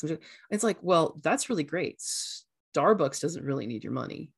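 A woman's voice: on the low side, lively intonation, brisk, few pauses, slightly rough. A woman hosting a casual podcast, talking earnestly as a coach and acting out voices now and then. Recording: echoey room sound.

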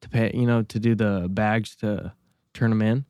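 A man's voice: fairly low pitch, steady tone, moderate pace, mellow, dry recording, studio quality. A man co-hosting a casual podcast, telling rambling stories full of restarts and swearing. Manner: rambling, profane, storytelling with many restarts. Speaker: podcast co-host.

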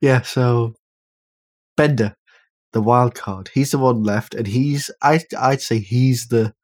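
A man's voice: medium pitch, takes it slowly, a little mellow, no echo. A man with a British accent, analysing a film thoughtfully in casual podcast talk. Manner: thoughtful, analytical, hesitant restarts. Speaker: podcast host.

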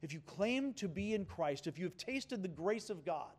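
A pastor with a high-pitched, sing-song voice preaches at normal speed. His sermon is earnest and emphatic, and he calls on the congregation to answer back.

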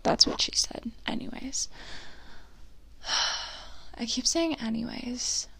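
Young woman podcast host, confessional rambler, close dry mic, a bit high-pitched. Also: takes it slowly, creaky, bright, forceful tone, slightly rough, no room sound, in a whisper. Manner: candid, swearing, rambling oversharing. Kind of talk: confessional solo podcast chat.

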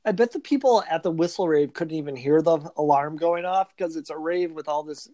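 A man's voice: a little high, brisk, mellow. A man co-hosting a comedy podcast, reading a news article aloud and breaking into laughs along the way. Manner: reads steadily, breaking into laughter. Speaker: podcast co-host.

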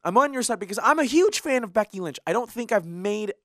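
A co-host of a wrestling podcast, telling the story in a fired-up, animated way. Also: medium pitch, fast talker, dry recording, studio quality. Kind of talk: casual wrestling podcast chat.

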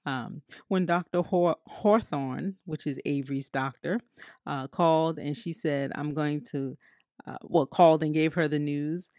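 Woman movie reviewer, low and dry, chatty, laughs often and fills pauses. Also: a little mellow, no room sound. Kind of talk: casual spoken movie review.

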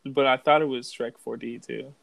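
Young male co-host, gritty fry in the voice, dead dry mic, loose and joking. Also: mid-range voice, fairly even intonation, normal speed, a bit bright, no echo, rough recording. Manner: joking, laughs easily, swears freely. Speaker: podcast co-host. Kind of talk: casual chat.

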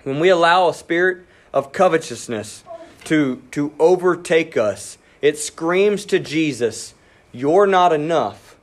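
Animated male pastor preaching. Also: fairly high pitch. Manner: animated, acts out inner voices, quickens and drops to near whisper. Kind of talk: sermon.

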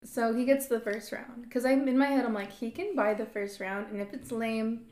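Telling a story as a podcast host, a thirtysomething woman speaks at a moderate pace in a slightly high voice with a darkish tone. She performs the quoted lines and laughs a lot, keeping it casual. The room gives her voice a noticeable echo.

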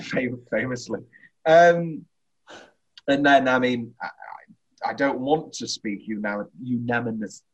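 A young man hosting a casual film chat, rambling and halting, laughing often. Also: mid-range voice, husky, muffled recording. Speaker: podcast host.

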